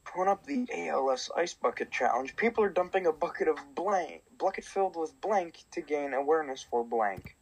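Brash low-voiced young woman. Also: animated, fairly quick, hardly any pauses, breathy edge, low-quality recording. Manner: brash, teasing, mock-tough. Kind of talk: casual chat during a party card game. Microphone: online voice call.

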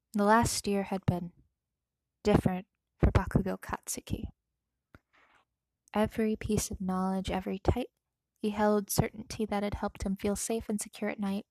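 A woman narrating a story aloud in a soft, emotional reading that sometimes drops to a whisper. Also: mid-range voice, no room sound, poor audio. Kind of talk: reading fan fiction aloud.

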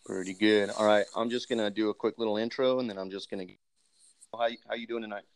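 Low gravelly-voiced man hosting. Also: steady tone, fast. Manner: hesitant, many ums, polite and formal. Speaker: podcast host, army master sergeant. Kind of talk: casual interview hosting.

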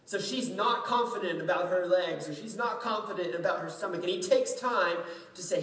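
A man's voice: sits high, normal speed, a bit bright. A man preaching a sermon to a congregation, in an easy, conversational way with jokes mixed in. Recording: roomy echo, distant mic, faint ambience.

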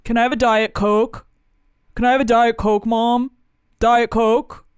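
A woman voicing a whiny, smug adult brother in a lowered voice. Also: little pitch movement, unhurried, clean tone, no echo, clean studio sound, close to an everyday voice. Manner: whining, smug.

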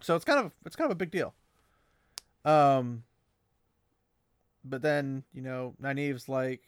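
A man hosting a podcast, chatting excitedly about a fantasy novel, laughing often and mimicking characters. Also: medium pitch, normal speed, long pauses, dry recording, clean studio sound.

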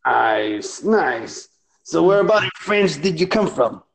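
A man's voice: fairly high pitch, sing-song, slow, gravelly, exaggerated voice. A man playing a brash Jersey tough guy. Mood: swaggering. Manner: boastful, crude, rambling with fillers. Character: brash short-tempered Jersey Italian guy, adult man. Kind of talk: comedic phone prank call.

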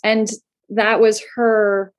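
A woman's voice: medium pitch, extremely slow. A woman from Florida, co-founder of a clothing brand, telling stories in a casual interview with lots of fillers and laughter. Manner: chatty, animated, laughs often, many fillers.

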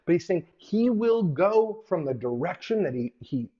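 A man delivering an online sermon in an animated, casual way, with colloquial asides and hushed emphasis. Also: high voice, normal speed. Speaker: preacher. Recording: dull lo-fi recording.

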